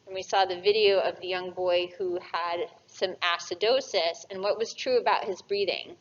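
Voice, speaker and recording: Speaking at an even pace in a lowish register, a female anatomy lecturer keeps her class engaged with questions she then answers. The recording is dull, and she often checks in with a tag "right?"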